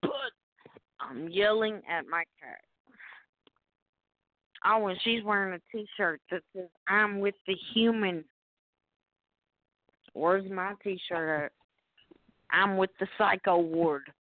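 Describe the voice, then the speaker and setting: A woman's voice: medium pitch, slow pace, long pauses, dry recording. Woman, Southern US accent, rambling co-host, cursing storyteller, tinny phone line, dry sound. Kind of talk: casual call-in radio chat.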